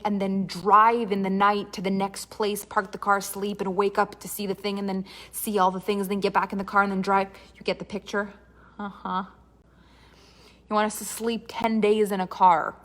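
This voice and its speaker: A woman from Canada telling a comic personal story with dramatic asides and quoted dialogue. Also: medium pitch.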